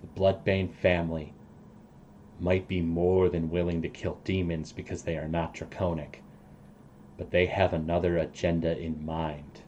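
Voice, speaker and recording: A man voicing a grave, older male dragonkind councilman who speaks in a solemn, measured and emphatic way. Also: low-pitched, level tone, darkish tone, highs cut off, a little hiss or hum.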